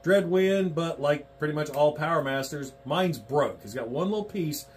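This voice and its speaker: A man's voice: on the high side, lively intonation, moderate pace, soft background music. A man in his fifties hosting a casual chat, jumping in with teasing remarks. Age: 50s. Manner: chatty, teasing co-host who jumps in. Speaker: host.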